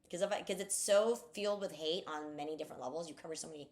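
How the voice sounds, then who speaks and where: Woman co-host, quick and fiery, low gravelly voice, swears freely. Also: darkish tone. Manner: blunt, profane, fired-up. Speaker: podcast co-host. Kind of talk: casual chat.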